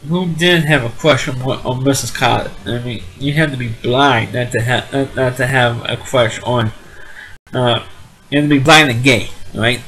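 A man's voice: mid-range voice, a bit bright, poor audio. A man with a nasal voice casually reviewing a sitcom, rambling with frequent restarts and repeated words. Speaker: TV show reviewer.

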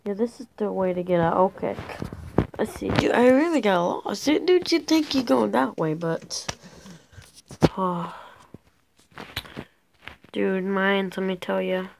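Over a noisy background, a teenage girl chats casually as she plays a video game. Her voice is mid-range and creaky, and she rambles along while mocking herself.

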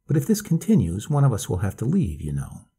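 A man voicing a strange, intense male lodger in a storybook reading, speaking in a hushed, insistent way. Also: on the low side, huge pitch swings, brisk, gravelly, breathy edge, exaggerated voice. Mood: hushed, ominous.

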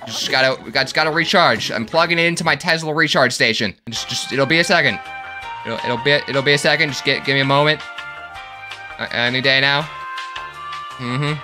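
A man hosting a comedic gameplay video, jokey and animated, often yelping and laughing at what happens on screen. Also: mid-range voice, fairly quick, music in the background. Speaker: gaming video host.

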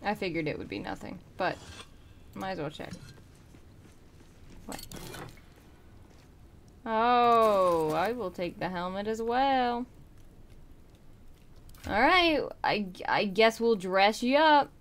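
A woman's voice: mid-range voice, expressive, takes it slowly, long pauses, a little hiss or hum. Tired, bubbly young woman streamer. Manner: chatty, bubbly, sometimes mumbling to herself. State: tired, hiccuping. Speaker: livestreamer. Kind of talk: casual live stream chat.

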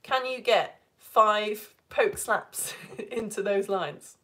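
A woman from the United Kingdom teaching a live online lesson, chatty and laughing often, reading verse slowly. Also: medium pitch, a bit bright.

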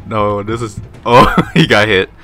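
A young man doing Let's Play commentary on a game, excitable, often jumping to high shrieks and laughter, with game music behind. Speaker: gaming YouTuber.

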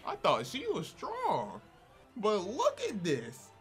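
A young man reacting to an anime, excitable and slangy, laughing often. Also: sits high, slow, faint music behind. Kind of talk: casual reaction commentary.

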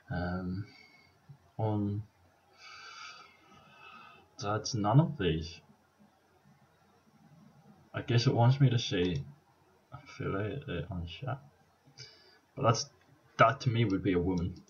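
A man's voice: sits low, breathy edge, lo-fi sound. A Scottish man casually commentating on his own language-app practice, thinking aloud and chuckling at his mistakes. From Scotland. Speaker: vlogger. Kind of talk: casual let's-play commentary.

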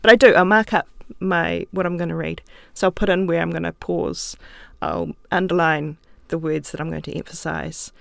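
Speaking at normal speed with few pauses, this New Zealand woman, an author and playwright, has a lowish, gravelly, steady voice as she guests on a casual podcast interview. She's chatty, thoughtful, laughs easily, and uses her hands, recorded on a studio mic with no echo.

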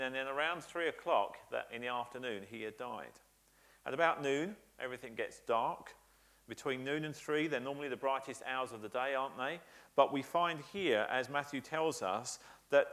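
A man preaches a church sermon in a mid-pitched voice. He talks earnestly and emphatically, stacking up repeated phrases to drive each point home. Frequent "uh" fillers break up his sentences. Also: a bit bright. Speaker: pastor.

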